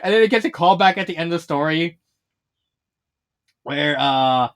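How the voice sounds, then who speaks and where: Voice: medium pitch, lively intonation, normal speed. Rambling, giggly fanfiction reviewer. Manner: rambling, many restarts and fillers; laughs often while retelling. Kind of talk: casual spoken review.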